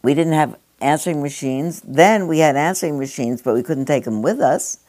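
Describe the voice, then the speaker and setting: A woman's voice: deep voice, moderate pace, darkish tone. An older woman giving a reflective spoken address to a gathering, rambling and digressive, with conversational asides.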